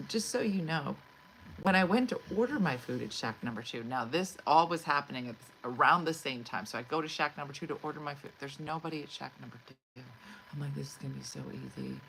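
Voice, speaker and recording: A middle-aged woman, a comedian, telling an exasperated, animated story to her livestream audience and acting out the quotes. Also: low voice, creaky, a little hiss or hum, low-quality recording. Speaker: comedian host. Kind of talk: storytelling monologue.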